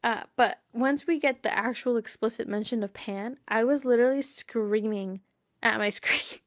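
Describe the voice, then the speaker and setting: A woman's voice: on the high side, moderate pace, no echo, studio quality. A woman hosting a casual fan podcast, bubbly and giggly, rambling with lots of "like" and "you know.". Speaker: podcast host.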